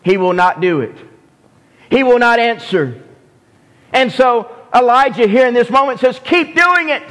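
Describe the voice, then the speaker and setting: A man with a Southern US accent preaching a sermon as pastor, slow and deliberate, often restarting his phrases. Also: very high-pitched, a bit bright. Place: church sanctuary. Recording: long hall reverb.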